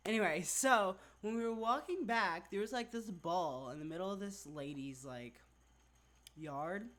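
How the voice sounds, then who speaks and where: Casual vlog storytelling, rambling delivery, constant filler words, animated retelling, mid-range voice. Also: mid-range voice, unhurried. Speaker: vlogger.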